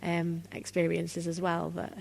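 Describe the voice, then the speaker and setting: In a reverberant conference hall, a woman leads a workshop with a chatty, conversational talk, addressing the audience directly to draw them in. Her voice sits on the low side with a darkish tone and vocal fry, delivered completely flat at a measured pace.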